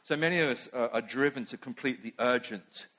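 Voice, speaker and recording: A man's voice: mid-range voice, a little fast, fairly bright tone. A man preaching a sermon in a conversational way, with many asides.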